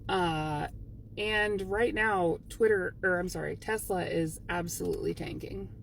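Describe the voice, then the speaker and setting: Woman, late 30s, gravelly, vlogging from her car, faint hiss behind. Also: fairly low pitch, fairly even intonation, measured pace. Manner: sarcastic, gleeful. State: tired. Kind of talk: casual commentary. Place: parked car in a school pickup line.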